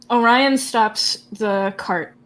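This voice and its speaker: A woman runs a tabletop game, describing the scene in a loose, chatty way. She giggles between lines and fills pauses with ums. Her delivery is unhurried and casual. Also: a little high, a bit bright. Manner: giggly, loose, filler-heavy. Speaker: game master.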